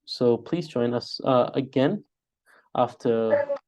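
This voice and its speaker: A male teacher leads an online spelling lesson through a video call mic. He speaks at a very unhurried pace, pausing on fillers and spelling out syllables one at a time for students to repeat. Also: mid-range voice, background noise. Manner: hesitant, many filler sounds, drills syllables aloud. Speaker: language teacher.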